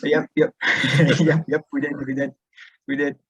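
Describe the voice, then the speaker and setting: A man's voice: on the high side, flat delivery, measured pace, fairly bright tone, poor audio. A young man in his twenties from South Africa, with a South African accent, speaking casually in an interview with many fillers and restarts. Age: 20s. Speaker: guest, student rugby player.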